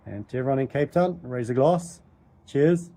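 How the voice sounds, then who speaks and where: A man records a condolence message with a mellow, warm-toned voice. He speaks plainly and steadily, with an occasional "um" or "yeah.". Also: mid-range voice, expressive, normal speed. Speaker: relative sending a recorded message.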